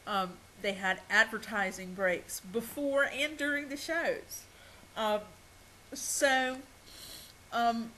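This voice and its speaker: Woman lecturer, fairly high and bright, halting delivery with lots of fillers. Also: slight background noise, poor audio. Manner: hesitant, many ums and restarts, laughs at herself. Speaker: college lecturer. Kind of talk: recorded video lecture.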